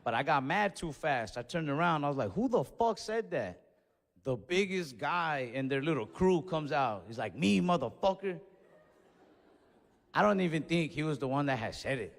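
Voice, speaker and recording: A man's voice: fairly high pitch, normal speed, long reverb tail. Man telling stand-up stories on stage. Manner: animated storytelling with acted-out quotes. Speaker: stand-up comedian. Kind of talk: stand-up storytelling.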